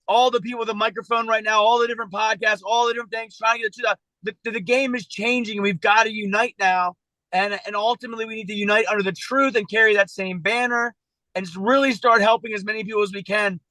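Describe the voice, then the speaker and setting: A man with a high, bright and forceful voice talks haltingly on a video call, restarting his sentences often. He sounds earnest and emotional, close to tears. The sound is dry and close. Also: no room sound, low-quality recording. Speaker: citizen journalist being coached. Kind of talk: emotional personal talk on a coaching call.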